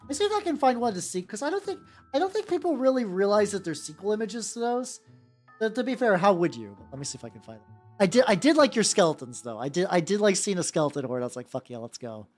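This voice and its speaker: Lively, rambling VTuber chatting while painting. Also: medium pitch, quick pace. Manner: rambling and profane, with frequent self-restarts; greets and chats with viewers while working. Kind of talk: casual live-stream chat while painting. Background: faint background music.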